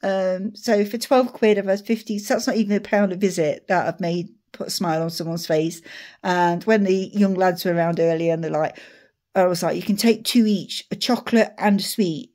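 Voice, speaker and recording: A middle-aged woman chatting to camera in a rambling, animated way, acting out retold conversations. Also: on the low side, moderate pace. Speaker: vlogger. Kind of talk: casual chat to camera.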